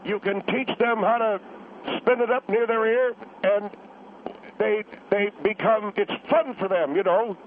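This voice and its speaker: A man's voice: high voice, fairly even intonation, a little hiss or hum, voice pushed up. A man putting on a rambling old war veteran. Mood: earnest rambling. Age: over 70. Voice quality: halting, rambling, repeats himself. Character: elderly male Korean War veteran, rambling gun enthusiast. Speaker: caller. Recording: tinny phone line.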